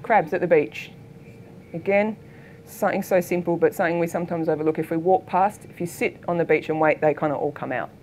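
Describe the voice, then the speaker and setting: A middle-aged Australian woman, a photographer giving a keynote talk, telling anecdotes in a lively way and acting out the voices of people in her stories. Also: fairly low pitch, fairly quick, slight background noise. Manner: lively storytelling, acts out quoted voices. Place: lecture hall.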